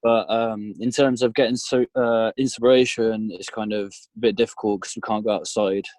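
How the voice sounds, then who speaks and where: A man's voice: fairly low pitch, little pitch movement, normal speed, a little mellow, no echo. A man from the UK, an artist guest, answering modestly with many hesitations while shivering in a cold parked car. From United Kingdom. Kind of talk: casual interview answers.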